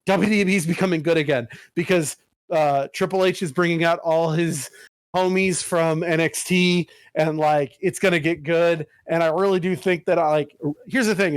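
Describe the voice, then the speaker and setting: A man co-hosting a casual gaming podcast, ranting excitedly and swearing often. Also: fairly high pitch, no echo. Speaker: podcast co-host. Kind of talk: casual chat.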